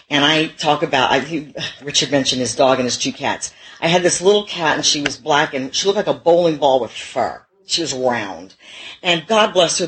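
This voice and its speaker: A woman's voice: low-pitched, poor audio. Middle-aged woman sharing her story at a recovery meeting, wry and self-mocking, plain everyday voice. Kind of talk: personal recovery talk.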